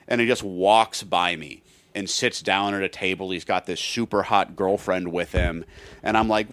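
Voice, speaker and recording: A man's voice: low voice, steady tone, normal speed, a bit bright, smooth, no echo. A man co-hosting a casual comedy podcast, telling a rambling story and acting out what people said. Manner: rambling storyteller, restarts and acts out quotes. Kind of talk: casual chat.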